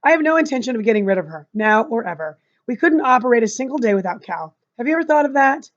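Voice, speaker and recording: A woman's voice: on the high side, sing-song, quick pace. A stern, firm father, as a woman reading aloud puts him on, with a flinty edge. The recording is muffled and lo-fi.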